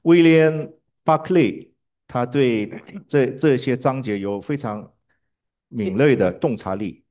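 A man's voice: mid-range voice, a little slow, a little mellow, lo-fi sound. A man interpreting a sermon live, hesitating with fillers and restarts.

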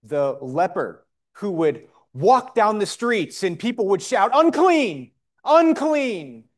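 A man preaching a sermon in short measured phrases, pausing for his interpreter. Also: high voice, big pitch swings.

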